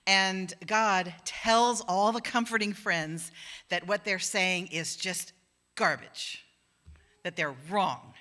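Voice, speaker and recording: Bright-voiced woman preaching conversationally. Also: mid-range voice, steady tone, slow. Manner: conversational, acts out quoted voices. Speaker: minister. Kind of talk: sermon. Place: church sanctuary.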